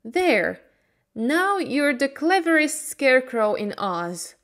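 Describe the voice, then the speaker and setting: A woman gives voice to a kindly old wizard, brisk and cheerful, in a storybook telling. The lines come slow and plainly spoken. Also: sits high, sing-song, fairly bright tone, pitched above the performer's own voice, heavily acted. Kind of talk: storybook reading for learners.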